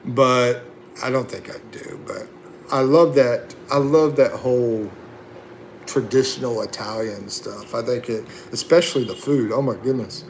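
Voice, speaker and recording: Slow-talking man chatting on a livestream. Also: mid-range voice, slight background noise. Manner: chatty, reads viewer comments aloud with frequent laughs and fillers. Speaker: livestream host. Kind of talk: casual livestream chat reading comments.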